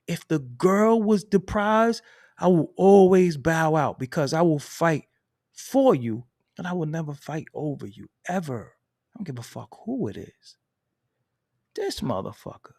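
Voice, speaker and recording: A man's voice: sits high, sing-song, a little slow, creaky, no room sound, studio quality. A man telling a story in a casual, profane and emphatic way, laughing between lines.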